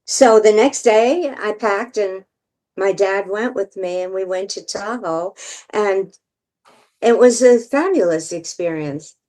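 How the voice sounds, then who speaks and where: An older woman entertainer telling stories as a guest, lively and theatrical, often laughing. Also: mid-range voice, slow. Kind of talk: storytelling interview.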